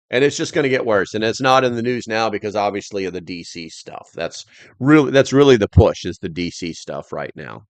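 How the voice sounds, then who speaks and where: A man's voice: on the low side, brisk, dry recording. An American man hosting a casual livestream, rambling loosely and reading viewer comments aloud. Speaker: livestream host.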